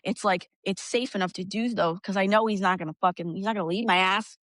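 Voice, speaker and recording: Woman, podcast guest, blunt, swears freely, tells stories, mid-pitched, dry recording. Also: fast talker, no room sound. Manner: candid, profane, lively storytelling. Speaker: guest, energy practitioner. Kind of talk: casual podcast conversation.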